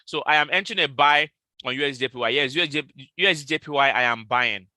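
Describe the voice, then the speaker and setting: Bright-voiced man calling trades live. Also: medium pitch, dry recording. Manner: repetitive, calls out trade levels slowly and repeats them. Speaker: live trading host. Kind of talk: live market analysis stream.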